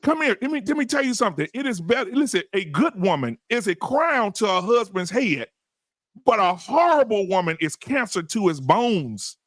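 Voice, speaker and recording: A man's voice: high voice, very animated, normal speed, fairly bright tone, no echo. A man hosting a podcast, talking in a preachy, profane and emphatic way in heated panel talk. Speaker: podcast host. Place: live-stream podcast studio.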